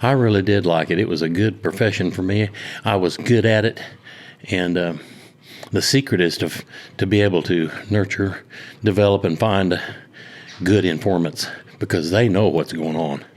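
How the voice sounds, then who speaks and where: An older man with an Oklahoma accent telling stories from his law-enforcement years in a casual interview, slow and halting with many fillers. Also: low voice. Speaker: hunting lodge owner, retired law officer.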